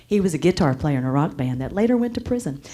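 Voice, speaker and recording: A woman, speaking as a motivational speaker and telling a story to a live audience with lively, animated turns between loud and soft. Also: sits low, fast.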